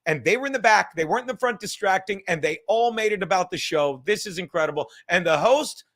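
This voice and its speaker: A man's voice: sits high, animated, fairly bright tone. A man hosting a podcast, ranting heatedly with lots of swearing and rambling restarts. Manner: profane, heated, rapid rambling. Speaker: podcast host. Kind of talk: casual podcast rant.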